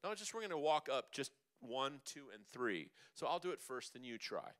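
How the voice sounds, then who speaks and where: A man's voice: medium pitch, sing-song, moderate pace, a bit bright. A man coaching a group through breathing and humming exercises, upbeat and coaxing, demonstrating the sounds himself. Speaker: vocal coach. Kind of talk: leading a group vocal workshop. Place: church hall.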